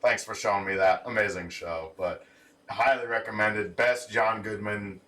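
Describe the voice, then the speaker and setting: Male podcast co-host, bright and lively, a little off-mic. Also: fairly low pitch, normal speed, far from the mic. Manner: animated storyteller, laughs while retelling scenes. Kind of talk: casual chat.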